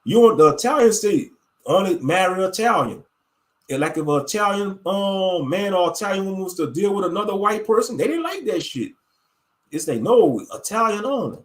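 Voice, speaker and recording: As host of an online show, this man rants in a high-pitched voice with wide swings in pitch, talking at a normal speed. His delivery is emphatic, crude, and blunt, peppered with fillers.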